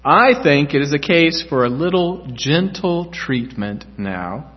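A man reading aloud, voicing a gentle, merciful, disembodied voice that speaks kindly. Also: fairly high pitch, sing-song, slow pace, husky, full character voice. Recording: echoey church hall, dull lo-fi sound.

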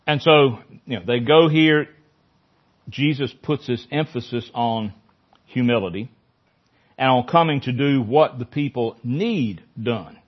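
A man leads a Bible study in a conversational teaching style, speaking unhurriedly in a mid-range voice and often repeating phrases for emphasis. The recording is dull and lo-fi.

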